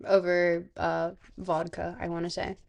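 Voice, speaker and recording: A woman's voice: lowish voice, little pitch movement, a little slow, gravelly, a little mellow. Playful woman co-host, teasing and chatty. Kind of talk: casual chat.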